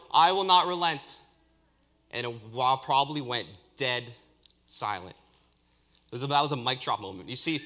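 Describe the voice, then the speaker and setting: Male preacher, sermon, animated delivery, forceful bright tone, slightly high voice. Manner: animated, acts out crowd shouts and builds to loud peaks; speaks with frequent restarts and filler words.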